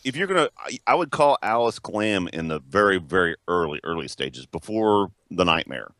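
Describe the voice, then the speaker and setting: Deep-voiced man rambling about rock. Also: big pitch swings, moderate pace, fairly bright tone, no room sound, studio quality. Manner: rambling, many restarts and self-corrections. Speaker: podcast co-host. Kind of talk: casual rock chat.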